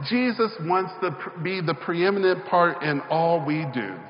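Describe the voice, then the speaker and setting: A man's voice: fairly high pitch, measured pace. A male pastor giving a sermon in a church sanctuary. He speaks in a rhythmic call-and-response style with rising emphasis. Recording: echoey hall, slightly dull sound.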